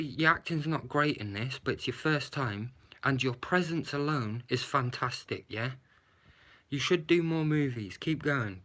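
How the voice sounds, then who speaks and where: A man's voice: mid-range voice, a bit bright. A man giving a blunt, sarcastic movie review, swearing and adding "yeah?" to his points. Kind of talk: casual movie review rant.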